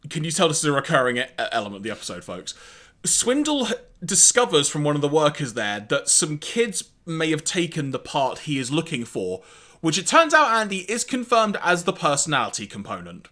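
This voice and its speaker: A man co-hosting a podcast, recapping an episode in a casual, animated way with wry asides and laughs. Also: a little high, normal speed. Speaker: podcast co-host.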